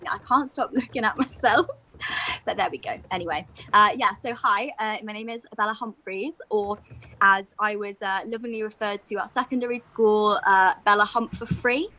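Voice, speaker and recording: A woman's voice: mid-range voice, fairly even intonation, normal speed, sharp tone. A young woman from the UK doing chatty, self-deprecating stand-up over a video call. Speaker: stand-up comedian. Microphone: video call, close to screen.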